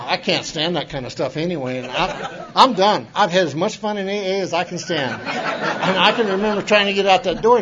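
Man telling his story, self-mocking, restarts a lot, higher voice, lo-fi. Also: a bit bright. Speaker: recovery meeting speaker. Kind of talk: personal testimony talk.

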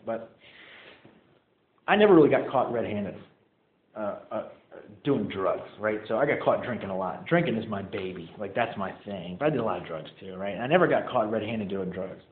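Candid young man on a tinny line. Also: medium pitch. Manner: candid, rambling, laughs at himself. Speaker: storyteller recounting addiction. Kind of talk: casual personal storytelling. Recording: echoey, phone-like, faint noise.

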